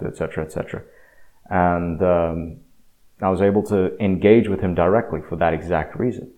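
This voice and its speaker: Man, very low voice, casual reflective monologue, halting with fillers and restarts. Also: mellow. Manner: hesitant, many fillers and restarts; reflective, self-deprecating. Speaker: speaker sharing experience.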